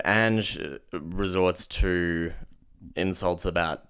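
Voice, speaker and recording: Deep-voiced laid-back young man. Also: steady tone, slow pace, fairly bright tone, clear, resonant tone. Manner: rambling, laid-back, trails off and restarts. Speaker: podcast co-host. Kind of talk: casual reality-TV recap chat.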